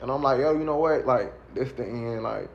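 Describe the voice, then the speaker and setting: A man's voice: medium pitch, normal speed, gravelly, a little hiss or hum. Slangy man telling his story, muffled sound. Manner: slangy, rambling, repeats himself. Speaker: storyteller recounting his shooting. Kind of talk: casual storytelling.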